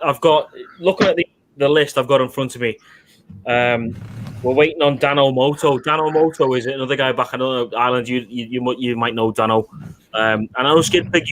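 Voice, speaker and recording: A man's voice: medium pitch, fairly quick, fairly bright tone. A man with a Liverpool accent, chatting as a guest on a live stream, boisterous, tipsy and swearing heavily. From Liverpool, England. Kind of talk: casual chat.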